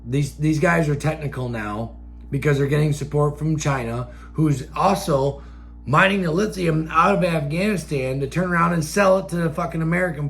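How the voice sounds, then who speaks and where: A man hosting a show, delivering a profane, angry rant that keeps flaring into shouts. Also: fairly high pitch, moderate pace, creaky, faint music behind. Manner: angry, swears constantly, flares into shouts. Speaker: show host. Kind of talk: profane ranting monologue.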